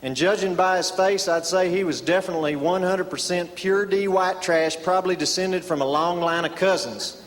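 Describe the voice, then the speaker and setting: A man telling a folksy tall tale as stand-up comedy, deadpan, with many drawn-out "uh"s. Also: sits high, slight background noise. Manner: deadpan folksy storyteller with filler "uh"s. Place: live comedy stage before an audience. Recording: reverberant live hall, audience laughter.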